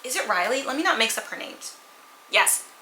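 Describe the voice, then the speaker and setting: A woman casually reviewing books at home, candid and animated, sometimes acting out characters' lines. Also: a little high, normal speed, reverberant, poor audio. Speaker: book vlogger. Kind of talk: casual chatty book review. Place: at home with a purring cat nearby.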